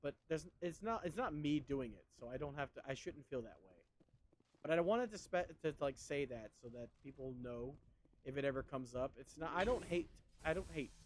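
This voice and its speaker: A man's voice: a little high, expressive, moderate pace. A man in his thirties chatting casually on a stream, rambling and conversational. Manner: rambling, conversational, with many fillers and restarts. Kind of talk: casual chat while streaming.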